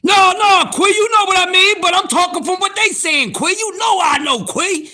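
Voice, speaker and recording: A man in his fifties hosting a live stream, ranting loudly and profanely at his viewers in disbelief. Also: very high voice, moderate pace, a little hiss or hum. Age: 50s. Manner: loud, profane, incredulous ranting. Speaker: livestream host.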